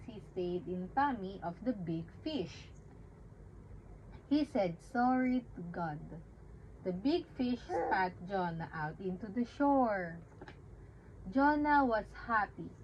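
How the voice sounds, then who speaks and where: Very slow sing-song mother. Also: mid-range voice, muffled recording, a little hiss or hum. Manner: slow, sing-song, coaxing, with animal sounds. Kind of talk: reading a storybook to a baby.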